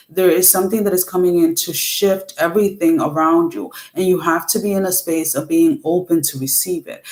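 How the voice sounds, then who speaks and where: Low-voiced woman giving a rambling tarot reading. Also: darkish tone, echoey room. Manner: rambling, self-correcting, chatty. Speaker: tarot reader.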